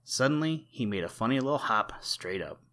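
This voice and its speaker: A man narrating an old-fashioned children's storybook in a steady, measured reading voice. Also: medium pitch. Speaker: audiobook narrator.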